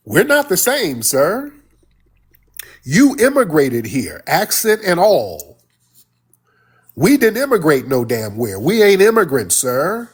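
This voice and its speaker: Husky, combative livestream host man. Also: on the high side, wildly swooping pitch, slow pace. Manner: combative, scolding, repeats "sir". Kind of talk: heated live-stream argument. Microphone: phone or desktop mic on live stream.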